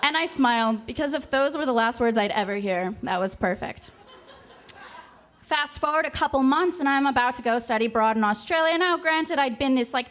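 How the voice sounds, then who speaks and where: High-voiced wry woman storyteller. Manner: wry, self-deprecating, punchy delivery. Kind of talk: comic live storytelling on stage.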